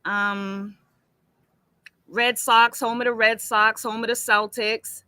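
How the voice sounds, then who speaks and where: A woman's voice: fairly high pitch, little pitch movement, slow pace, sharp tone, clean tone, no room sound. A woman from Boston with a Boston accent, talking casually on a livestream in a rambling, chatty way and swearing freely. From Boston, Massachusetts. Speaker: livestream guest.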